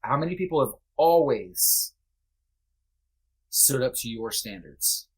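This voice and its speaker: A man's voice: medium pitch, animated, breathy edge. A man guesting on a podcast, speaking candidly and reflectively with many restarts. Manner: earnest, halting, reflective with restarts. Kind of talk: candid conversation.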